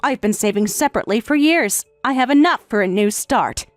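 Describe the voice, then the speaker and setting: A woman voicing a calm, sarcastic wife in a text-message story, speaking in a matter-of-fact way. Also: fairly high pitch, a little fast, dry recording, faint music behind, lightly acted. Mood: cool, sarcastic. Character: calm, sarcastic wife who has left her husband.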